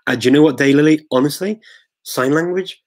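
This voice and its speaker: A man's voice: a little high, fairly quick. A man hosting a live online Q&A, chatting casually and rambling with many fillers and restarts. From England. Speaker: host answering viewer questions. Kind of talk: live Q&A chat.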